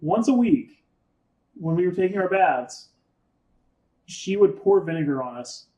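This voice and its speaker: A young man with a high voice co-hosts a casual podcast and tells crude, jokey stories. The sound is roomy and echoey. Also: animated, measured pace, warm tone. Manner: profane, jokey storytelling. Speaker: podcast co-host. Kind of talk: casual chat. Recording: roomy echo.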